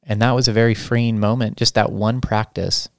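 A man hosting a spiritual podcast, talking in a soft, reflective way with many restarts. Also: fairly low pitch, level tone, normal speed, vocal fry, clear, resonant tone, no echo, studio quality. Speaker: podcast host. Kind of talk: spiritual teaching talk.

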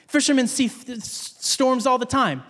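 A man preaching a sermon as a pastor, telling a story with animated delivery and acting out voices, in a church. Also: very high-pitched, moderate pace. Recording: long reverb of a large hall.

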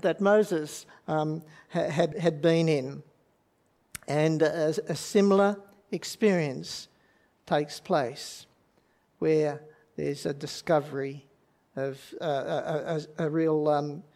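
A man preaching a sermon in a reflective way, pausing often and restarting his sentences. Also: on the high side, a little mellow. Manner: halting, with many restarts and fillers; reflective, asks the audience questions.

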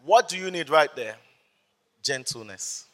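Man, Nigerian accent, pastor, lively sermon storytelling, high voice. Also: measured pace. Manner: animated storytelling, acts out voices. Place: church service.

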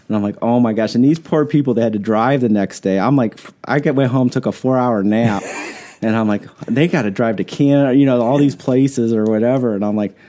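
A man on a podcast chatting casually, telling animated stories and often breaking into laughter. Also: medium pitch, brisk. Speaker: podcast co-host.

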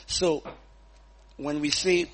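A man and pastor teaching the Bible in a relaxed conversation, reading verses aloud and chuckling often. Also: a little high, extremely slow.

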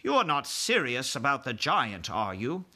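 A man voicing a stately elderly queen in a storybook read-aloud, with a poised, crisp manner. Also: mid-range voice, wildly swooping pitch, normal speed, sharp tone, full character voice. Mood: composed, gently amused.

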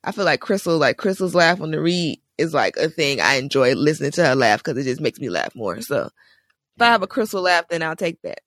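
Woman podcast cohost, super lively pitch, tells stories all animated, laughs a lot, dry close sound. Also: fairly quick, dry recording. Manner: animated storyteller, laughs often, acts out quotes. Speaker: podcast co-host. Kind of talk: casual podcast chat.

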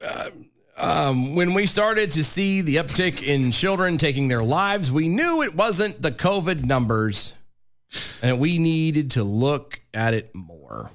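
A man's voice: fairly high pitch, big pitch swings, slow, a bit bright. A man co-hosting a talk radio show, reading news items aloud with sarcastic asides. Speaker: radio co-host.

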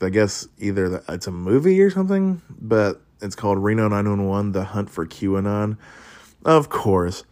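A man hosting a podcast, chatting casually and rambling, often laughing and swearing. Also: on the low side. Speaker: podcast host. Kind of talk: casual solo podcast chat.

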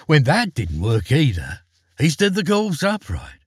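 A man with a husky voice narrating a fairy tale, with dramatic swings in pitch. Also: huge pitch swings, measured pace, dry recording, clean studio sound. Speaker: storyteller. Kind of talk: expressive storybook reading.

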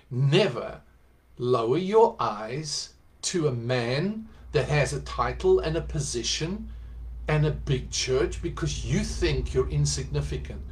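A man's voice: fairly high pitch, fairly bright tone. A man preaching, telling a personal story in a conversational way that builds to emphatic exhortation. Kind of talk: sermon storytelling.

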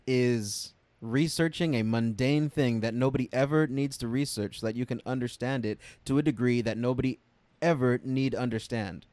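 A man's voice: medium pitch, normal speed, few pauses, darkish tone. A man trades jokes with two friends on a casual podcast, laughing often and breaking off mid-sentence to restart. The sound is dry, with no room echo. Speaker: podcast co-host. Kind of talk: casual chat.

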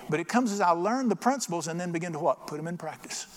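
A middle-aged man delivers a sermon as pastor, high-pitched with lively intonation, a quick pace and few pauses. Folksy and full of stories, he voices characters in his jokes, and the church sanctuary adds long reverb to the recording.

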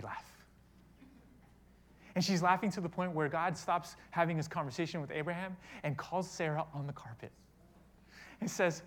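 A man preaching a sermon, retelling a story with dramatic shifts between loud and soft delivery. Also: fairly high pitch, normal speed, long pauses. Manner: dramatic storytelling, voicing quoted speech, big swings in loudness. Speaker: pastor.

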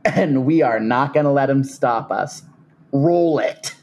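A man's voice: medium pitch, slow pace, darkish tone, slight background noise. A man co-hosting a comedy podcast, joking around and laughing often. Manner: giggly, playful. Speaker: podcast co-host. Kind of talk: casual comedic chat.

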